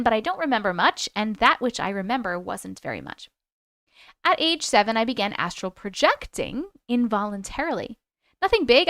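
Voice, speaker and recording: A woman's voice: a little high, fairly bright tone, no echo, studio quality. A woman in her forties hosting a livestream, chatting with viewers and reading their stories aloud in a bubbly, casual way. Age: 40s.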